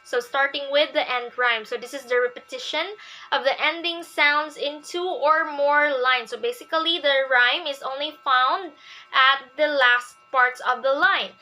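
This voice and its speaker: A woman's voice: high voice, bright, forceful tone, poor audio. A young woman presenting a lesson and reading examples aloud. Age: young adult. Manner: slow, reads examples aloud. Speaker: student presenter. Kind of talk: classroom presentation.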